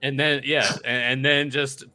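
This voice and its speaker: A man's voice: mid-range voice, level tone, normal speed, bright, forceful tone. A man co-hosting a podcast, chatting casually and wrapping up the episode in an easygoing way. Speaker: podcast co-host. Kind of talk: casual group chat.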